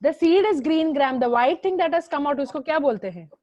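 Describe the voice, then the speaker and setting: Her high-pitched, slightly mellow voice moves fairly quickly with lively intonation as this Indian English-accented teacher leads a video-call class, though the audio is dull. She repeats instructions, shifts into Hindi, and reprimands students by name.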